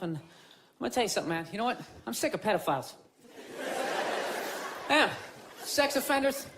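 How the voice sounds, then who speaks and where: Male stand-up comic, sarcastic ranter, high voice, noisy live club recording. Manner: sarcastic, rambling, mock-complaining. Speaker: stand-up comedian. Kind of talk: stand-up routine. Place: comedy club stage.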